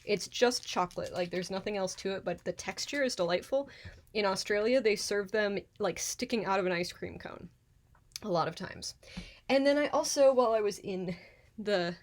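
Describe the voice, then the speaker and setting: A woman's voice: medium pitch, moderate pace. A woman hosting a live cooking stream in her apartment kitchen, chatting casually, rambling and greeting viewers as she goes.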